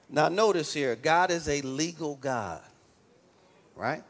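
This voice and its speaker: A male pastor delivering a lively sermon, stressing points and calling out to the congregation for response. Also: on the high side, takes it slowly. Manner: emphatic call-and-response preaching.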